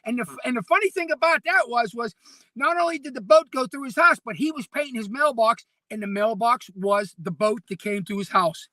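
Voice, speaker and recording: A man's voice: extremely high pitch, fairly quick, dry recording. A man co-hosting a casual talk show, telling long stories with lots of laughter and animation. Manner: animated storyteller, laughs often. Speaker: co-host and DJ. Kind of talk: casual chat.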